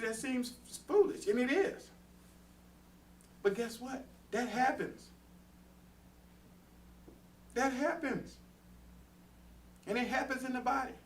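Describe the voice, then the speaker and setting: A man teaching a conversational Bible study sermon, earnest and direct, talking to the room and acting out everyday quarrels. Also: high-pitched. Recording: distant mic with faint background noise.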